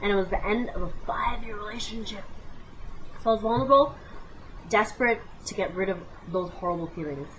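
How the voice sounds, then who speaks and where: A woman in her late twenties telling a comic personal story as a vlogger, animated and dramatic, with exclamations and asides to the viewer. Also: medium pitch, a little fast, slight background noise, rough recording. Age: 20s.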